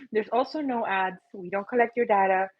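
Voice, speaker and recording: A woman's voice: on the high side, big pitch swings, unhurried, breathy edge, lo-fi sound. A woman hosting a casual livestream, chatty and self-mocking as she talks through an itchy, coughing throat. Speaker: livestream host and app creator.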